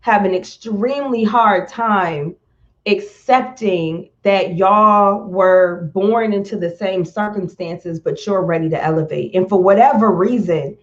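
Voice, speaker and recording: A woman talking slowly and with feeling on a live stream, close to tears at times and repeating words as she reaches for them. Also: mid-range voice, muffled recording. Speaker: motivational speaker on a live stream. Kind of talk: heartfelt live-stream talk.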